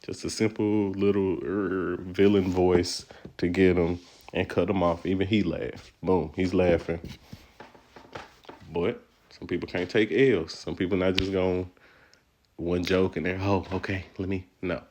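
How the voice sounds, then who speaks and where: A man's voice: sits low, level tone, unhurried, darkish tone. A male stand-up comedian from Texas giving casual, playful, slangy commentary on his own set and laughing often. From Texas, USA.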